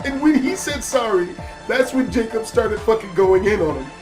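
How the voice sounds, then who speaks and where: A man telling a story in casual, profane storytime style, animated and laughing at his own tale. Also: high voice, moderate pace, music in the background. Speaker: YouTube storyteller.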